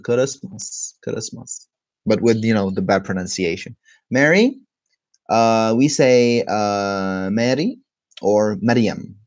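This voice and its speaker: A man with an Egyptian accent teaching his language in a relaxed, chatty live lesson, tired and reading viewer comments aloud. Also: fairly low pitch, slow pace, no echo. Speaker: Arabic teacher. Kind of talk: casual live-stream lesson.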